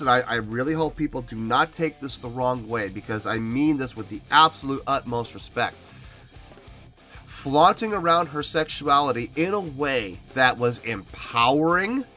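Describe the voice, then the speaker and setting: Earnest man with a bright voice. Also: mid-range voice. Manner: earnest, emotional, talking to camera. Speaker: music reaction host. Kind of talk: casual reaction commentary.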